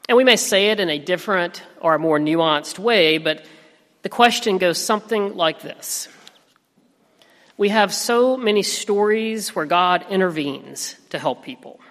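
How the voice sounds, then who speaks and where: A man in his thirties preaching a sermon as pastor, telling a family story in a gentle, reflective way. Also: high-pitched, measured pace. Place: church sanctuary. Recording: reverberant sanctuary.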